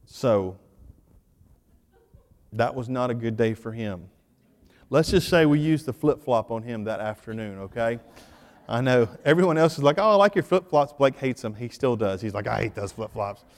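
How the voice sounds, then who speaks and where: A man's voice: mid-range voice, expressive, moderate pace, long pauses, a little mellow. Male pastor, mid-range voice, casual storytelling sermon, long church reverb. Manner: conversational, joking storyteller addressing the congregation.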